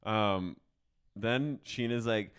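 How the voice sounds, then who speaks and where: A man co-hosting a casual podcast, retelling a TV episode in animated, quote-filled chatter. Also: fairly low pitch, very slow, clear, resonant tone. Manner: animated storytelling, acts out quotes. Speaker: podcast co-host. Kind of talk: casual chat recapping a reality show.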